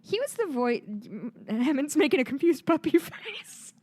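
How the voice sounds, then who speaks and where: A woman's voice: sits high, big pitch swings, measured pace, darkish tone, no echo. A woman co-hosting a podcast in casual chat, blunt and swearing freely, drinking wine as she talks. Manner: blunt, swears freely, acts out quoted voices. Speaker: podcast co-host.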